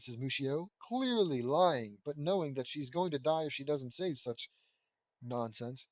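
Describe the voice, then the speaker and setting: A man's voice: mid-range voice, animated, measured pace, no echo, low-quality recording. A man reading a fan-fiction story aloud in a casual way, stumbling over names and stopping to poke fun at the writing. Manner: stumbles over names, breaks off to critique the text. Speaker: audiobook reader of fan fiction.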